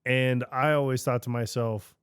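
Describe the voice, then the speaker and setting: A man co-hosting a podcast, laid-back and laughing as he tells stories in casual chat. His voice sits at a middle pitch and sounds dry and close. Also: fairly even intonation, moderate pace, fairly bright tone, clear, resonant tone, dry recording. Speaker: podcast co-host.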